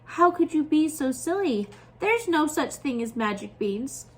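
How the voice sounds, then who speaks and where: A woman's voice: sits high, very animated, a little slow, voice pushed up. Poor storybook mother, read by a woman, cross and scolding.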